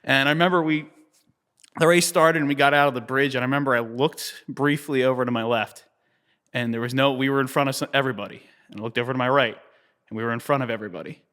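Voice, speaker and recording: A man in his thirties from New Jersey tells a story as an interview guest, at a middling pitch. He is animated and chuckles often. His talk is loose and full of "you know" and "like.". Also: quick pace. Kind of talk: conversational storytelling.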